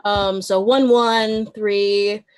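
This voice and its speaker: A woman's voice: mid-range voice, steady tone, extremely slow, smooth, dry recording. A woman running a tabletop role-playing game as game master, keeping count and prompting players for their actions.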